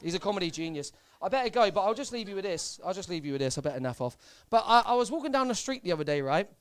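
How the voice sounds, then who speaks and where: A young man from Southampton, doing stand-up on a club stage. He talks in a fairly high, very lively voice, deadpan and halting, and he repeats his lines. The sound is close and dry through a handheld mic. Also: clean tone, no echo. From Southampton, England. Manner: deadpan, hesitant delivery with many fillers and repeats. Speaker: stand-up comedian. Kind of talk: live stand-up set.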